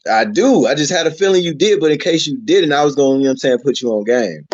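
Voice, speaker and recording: A man's voice: on the high side, lively intonation, fast talker, no echo, highs cut off. A man hosting a casual spiritual chat, talking in a laid-back, slangy and encouraging way. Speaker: podcast host.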